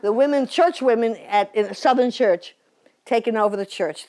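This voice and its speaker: A woman's voice: fairly high pitch, moderate pace, darkish tone. A woman in her seventies giving a chatty, playful slide-show talk to a museum audience, full of asides and laughter. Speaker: guest speaker at a museum talk.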